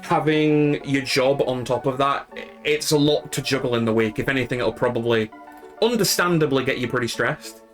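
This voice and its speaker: A man with a Yorkshire accent, from Yorkshire in northern England, chats casually with live viewers on his stream, rambling with many fillers and restarts. His mid-range voice is fairly bright and his speed normal, with faint music in the background.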